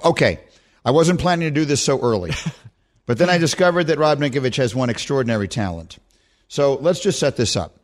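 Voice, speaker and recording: A male host running a sports radio show, animated, laughing often and reading sponsor copy. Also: medium pitch. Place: radio studio.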